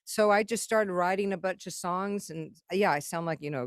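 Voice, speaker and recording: A woman's voice: lowish voice, moderate pace, dry recording, clean studio sound. A woman guest telling long, rambling stories in a casual interview, swearing freely and acting out what others said. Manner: rambling, profane, acts out quoted dialogue. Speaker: guest songwriter and producer.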